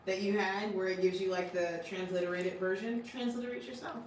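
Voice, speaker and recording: A woman teaching a small class in a classroom, chatty and quick to laugh, often checking "right?" with her students. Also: mid-range voice, steady tone, background noise. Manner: casual, laughs often, asks "right?" a lot. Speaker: language teacher. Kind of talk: classroom lesson. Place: classroom with a board. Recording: echoey room, recorded from far off.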